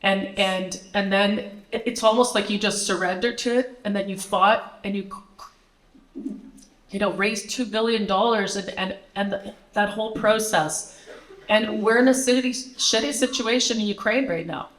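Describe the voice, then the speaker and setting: A woman's voice: mid-range voice, steady tone, moderate pace, roomy sound, poor audio. A woman in the audience asking an earnest, rambling question at a screening Q&A. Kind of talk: Q&A question from the floor.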